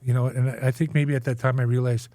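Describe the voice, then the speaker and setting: A man's voice: mid-range voice, level tone, fast talker, dark tone, dry recording. A man in his forties from Canada, a guest telling his life story in a candid interview, tagging his sentences with "right?" and "eh?". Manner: conversational, frequent "right?" and "eh?" tags.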